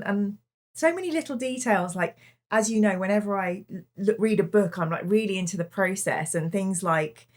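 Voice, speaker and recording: Enthusiastic woman host, gushing and laughing, mid pitch, casual podcast chat. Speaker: book club host.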